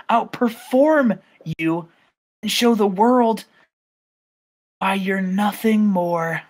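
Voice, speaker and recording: A man voicing a cocky male wrestling champion who mocks his opponent. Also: sits high. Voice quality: mocking, laughing.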